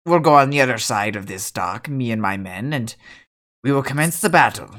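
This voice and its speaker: A man's voice: medium pitch, animated, a little fast, fairly bright tone, pitched below the performer's own voice, lightly acted. A man voicing a genial, courteous male dock boss who speaks in a polite, formal way.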